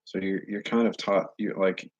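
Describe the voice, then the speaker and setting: A man talking straight to his viewers in a casual monologue, earnest and halting as he searches for words. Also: low-pitched, level tone, a little mellow, dry recording. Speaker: vlogger addressing viewers. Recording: dull lo-fi recording.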